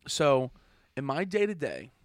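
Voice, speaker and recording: A man's voice: a little high, wildly swooping pitch, a little slow, clear, resonant tone, no room sound, studio quality. A young man hosting a podcast, chatting casually in a rambling, jokey way and laughing at his own jokes. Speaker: podcast host. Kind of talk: casual chat.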